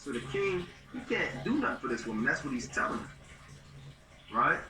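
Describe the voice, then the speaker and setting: A man's voice: on the high side, big pitch swings, moderate pace, recorded from a distance. A man teaching from the Bible in an informal, slangy way, reading verses aloud and then explaining them in plain talk. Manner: casual slangy speech, reads scripture then explains. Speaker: preacher. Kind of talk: street-style bible teaching. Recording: roomy echo, voice from off the mic.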